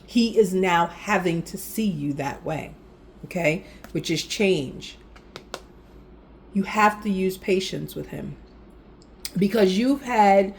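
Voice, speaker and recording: A woman giving a casual tarot reading, animated and speaking directly to the viewer with frequent affirmations. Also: fairly low pitch, slight background noise. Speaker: tarot reader.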